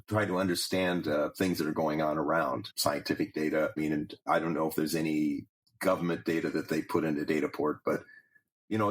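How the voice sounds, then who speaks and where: A man who heads a large technical organization, giving measured, explanatory interview answers and listing examples. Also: extremely low pitch. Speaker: guest, president of a technical professional organization.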